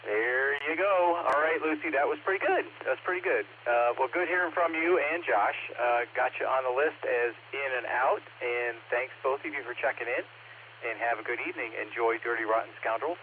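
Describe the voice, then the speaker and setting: A man's voice: medium pitch, a little fast. A man running check-ins on a ham radio net, easygoing and chatty as he reads out call signs. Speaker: pre-net control operator. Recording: narrowband radio transmission with faint hiss.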